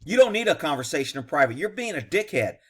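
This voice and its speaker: A man's voice: on the high side, big pitch swings, fast, slightly rough. A man, a former police officer, giving blunt, profane, indignant commentary on a video. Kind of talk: reaction commentary.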